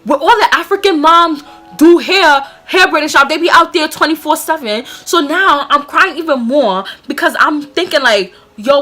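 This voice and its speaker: A woman's voice: high-pitched, expressive, normal speed, bright, forceful tone, faint music behind. A woman vlogger telling a personal story casually and dramatically, full of slang and acted-out moments.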